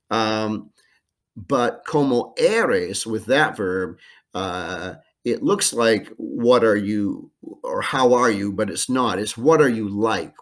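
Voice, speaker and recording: Guy recording a language lesson at home, lowish voice, careful, lots of uhs. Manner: slow, careful modeling of phrases with filler ums. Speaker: Spanish teacher.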